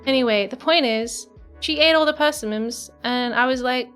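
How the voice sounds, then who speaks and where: Speaking at a moderate pace in a voice on the high side, a young woman virtual streamer rambles casually through a story during a live-stream chat. She uses many fillers and giggles often, and soft background music can be heard.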